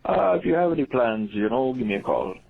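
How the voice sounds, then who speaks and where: A man calling in, voicing a folksy northern Midwest hunter with a put-on regional accent and slow, hesitant drawl. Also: medium pitch, big pitch swings, gravelly, phone-quality sound, a little hiss or hum. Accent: put-on upper Midwest. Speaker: caller. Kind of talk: voicemail comedy bit.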